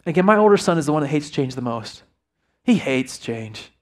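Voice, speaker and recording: Animated middle-aged male preacher. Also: a little high, racing. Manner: animated storyteller acting out family dialogue, then hushed prayer. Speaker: pastor. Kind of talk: sermon storytelling.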